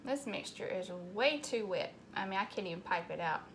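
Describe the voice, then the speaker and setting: A woman's voice: medium pitch, expressive, brisk, a bit bright, a little hiss or hum. A woman hosting a cooking channel, talking through a recipe in a plainspoken, matter-of-fact way. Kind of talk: casual recipe demonstration.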